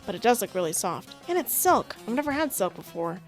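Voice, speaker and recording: Giggly gamer girl reading a dating sim, sarcastic little asides, soft music in the back. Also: mid-range voice, big pitch swings, a little fast. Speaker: gaming streamer. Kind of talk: casual let's-play commentary and reading aloud.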